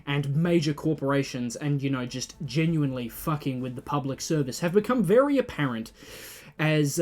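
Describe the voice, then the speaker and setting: Sardonic Australian man hosting a parody newscast. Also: on the high side. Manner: sardonic, swearing, animated. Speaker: satirical news host. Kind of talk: satirical news parody.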